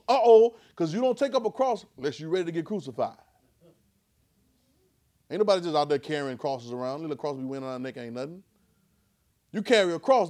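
High-voiced preacher calling out to his congregation. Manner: call-and-response preaching, rising to shouts. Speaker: pastor. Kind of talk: sermon. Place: church before a congregation.

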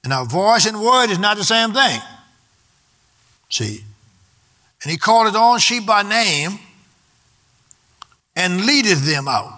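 A man's voice: high voice, very animated, takes it slowly, long pauses, sharp tone. A man preaching a sermon emphatically and calling out to the congregation for responses. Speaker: pastor.

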